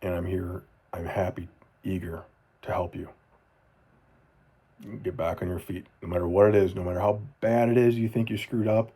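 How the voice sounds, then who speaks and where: A man in his forties speaking earnestly to his children in a personal video journal, repeating phrases for emphasis and often dropping to a soft voice. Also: level tone, moderate pace, pauses often, slightly rough. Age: 40s. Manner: earnest, heartfelt, often drops to a soft low voice.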